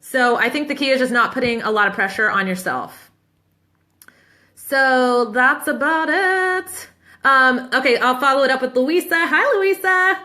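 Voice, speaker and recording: A chatty woman in her thirties answers questions in a relaxed live session, her voice bright and a little raised in pitch. She talks as a business coach, upbeat and laughing easily between points. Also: a little slow. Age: 30s. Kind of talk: casual live Q&A.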